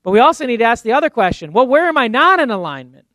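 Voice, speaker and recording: A man's voice: very high-pitched, sing-song, fast talker, fairly bright tone, dry recording. A man preaching a sermon in a conversational way, acting out little asides and ending in prayer. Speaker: pastor.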